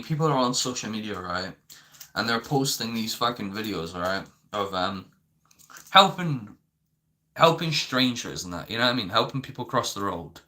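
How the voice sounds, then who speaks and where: A man's voice: fairly low pitch, bright, forceful tone. A young man ranting to camera in a rambling, profane way, filling his talk with "you know". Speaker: vlogger. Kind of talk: unscripted rant.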